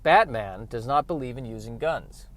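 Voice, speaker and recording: A man rambling casually in a deadpan way, with lots of hesitant fillers. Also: medium pitch, moderate pace. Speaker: vlogger.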